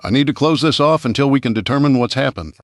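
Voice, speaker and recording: A firm park officer gives orders quickly and plainly. A man plays him in an audiobook. The recording is dry and close. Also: mid-range voice, no room sound, voice pushed up, lightly acted. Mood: urgent. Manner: firm, hurried. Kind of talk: audiobook character voice.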